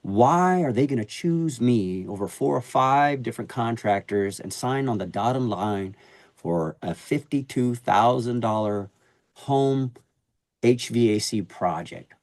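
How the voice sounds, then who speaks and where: A middle-aged podcast guest, an HVAC sales advisor, speaks unhurriedly while telling high-energy stories in slangy street talk over casual conversation. His medium-pitched voice is close-miked and dry, with no echo.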